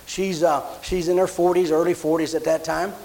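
High-voiced folksy preacher man. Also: flat delivery, moderate pace, a little mellow, poor audio. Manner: folksy, repeats and restarts phrases. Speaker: pastor. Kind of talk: sermon storytelling.

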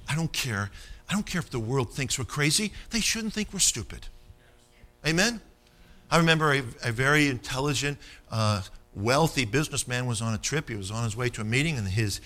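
A man's voice: mid-range voice, pushed and bright. A man preaching a sermon, telling stories and calling for amens from the congregation. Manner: storytelling, rousing, calls for amens.

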